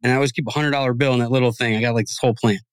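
A man's voice: mid-range voice, steady tone, very fast, clear, resonant tone, no echo. A man co-hosting a podcast, telling a long story in loose, profane casual chat. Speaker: podcast host.

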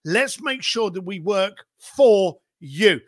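A man's voice: sits high, lively intonation, slow, no room sound, clean studio sound. A middle-aged man, a podcast guest, tells business stories emphatically, firing off rhetorical questions and swearing casually. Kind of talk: animated business storytelling.

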